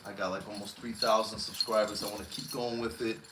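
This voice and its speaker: A man hosting a casual livestream chat, jokey and excitable as he calls out to viewers. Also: on the low side, fast talker, reverberant, background noise. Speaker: livestream host.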